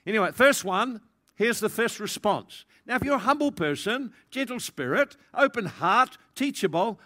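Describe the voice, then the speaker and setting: A man preaching a sermon, acting out the people he describes and swinging between loud and soft. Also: moderate pace. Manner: animated, acts out quoted voices, big swings in pitch and loudness. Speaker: pastor.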